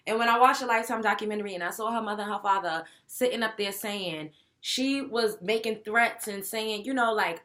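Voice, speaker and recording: A woman's voice: medium pitch, a little fast, hardly any pauses. A young woman, hosting a talk show and giving blunt, profane opinions. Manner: blunt, profane, animated, mimics others. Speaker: show host. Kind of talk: opinionated commentary.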